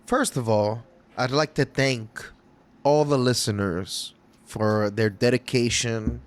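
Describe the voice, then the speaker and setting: A man's voice: medium pitch, fairly even intonation, takes it slowly. A man co-hosting a gaming podcast, joking around in casual chat. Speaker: podcast co-host.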